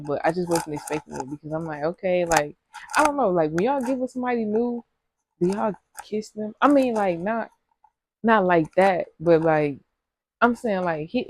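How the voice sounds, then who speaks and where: A woman's voice: on the low side, a little mellow, a little hiss or hum. A young woman telling a rambling, slangy storytime to her viewers, laughing often. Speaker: vlogger. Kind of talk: casual storytime chat.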